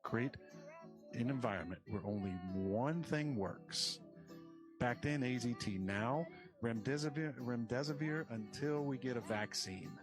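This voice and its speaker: A man's voice: fairly low pitch, dry recording. A man ranting on a podcast, swearing and scattering "you know" through his talk. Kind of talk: podcast rant.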